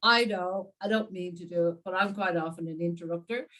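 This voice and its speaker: Excitable Irish woman host. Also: fairly low pitch, brisk, distant mic, rough recording. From Ireland. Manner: enthusiastic, animated, laughs often. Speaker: interview host. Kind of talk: conversational interview.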